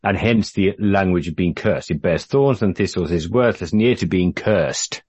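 Male Bible study leader, low husky voice, dry close sound, measured and patient. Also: darkish tone, dry recording, muffled recording. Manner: measured, patient, with frequent fillers and restarts. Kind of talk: group Bible study discussion.

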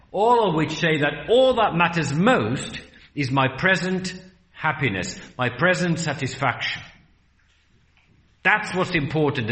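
A man preaching a sermon in an earnest, rhetorical way, slowing down and speeding up for emphasis. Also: a little high, fairly bright tone, echoey room.

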